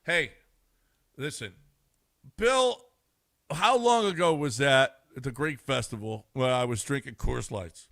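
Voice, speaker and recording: A middle-aged man in casual sports radio banter, rambling and repeating himself, quick to laugh. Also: mid-range voice, expressive, vocal fry, fairly bright tone, no room sound, studio quality. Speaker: radio show regular.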